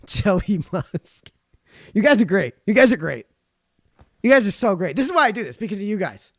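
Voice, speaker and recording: A man hosting a live stream, chatting casually and reading out viewer comments in a rambling, animated way, his throat sore after hours of talking. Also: high-pitched, moderate pace, dry recording. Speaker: livestream host.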